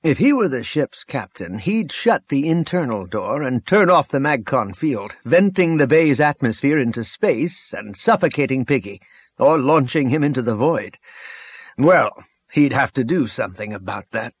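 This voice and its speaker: A man's voice: mid-range voice, animated, normal speed, husky, no room sound. A man narrating an action novel as an audiobook reader, reading expressively and voicing the characters' dialogue. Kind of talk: scripted narration.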